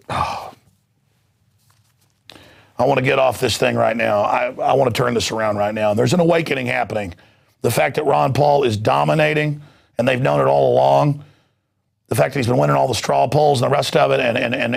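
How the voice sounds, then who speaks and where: Male talk host, rough gravelly voice, blunt and heated, keeps hammering "okay?". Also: mid-range voice. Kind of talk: ranting political monologue.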